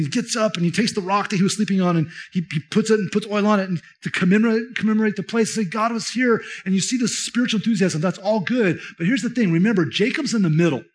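A pastor preaches with a notably high voice for a man, talking through scripture in a conversational style. He stresses his key points with emphasis and addresses the congregation directly. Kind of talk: sermon.

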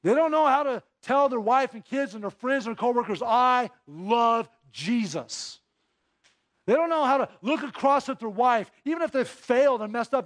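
Rhetorical questions to the congregation punctuate this male pastor's sermon. He moves from hushed, low-pitched asides up into emphatic exhortation.

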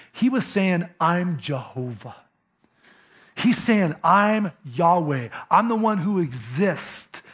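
High-voiced man preaching emphatically. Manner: emphatic, conversational preaching with direct address. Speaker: pastor. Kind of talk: sermon.

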